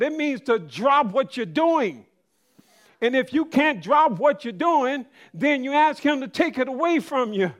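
A middle-aged man preaching a conversational sermon, calling out to the congregation. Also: very high voice.

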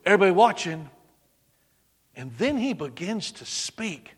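A male preacher giving a dramatic sermon, dropping to a hush on quoted words. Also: high voice, animated, moderate pace, in a large hall.

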